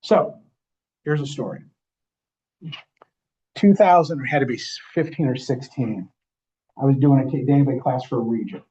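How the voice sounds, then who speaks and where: A man's voice: mid-range voice, moderate pace, long pauses, warm tone. A man, a real estate trainer, teaching a live class in a training room and often checking in with the audience as he talks. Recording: dull, muffled recording.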